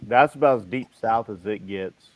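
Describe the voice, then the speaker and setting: A man's voice: lowish voice, moderate pace, no room sound, low-quality recording. A man hosting a casual group chat, telling stories and cursing freely. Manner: profane storytelling. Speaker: host.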